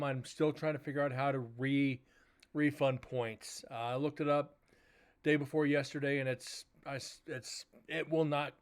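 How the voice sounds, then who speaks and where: A man's voice: mid-range voice, clean tone. A tired man hosting a livestream, chatting casually to viewers and retelling a work dispute with filler words and swearing. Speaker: livestream host. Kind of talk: casual chat to stream viewers.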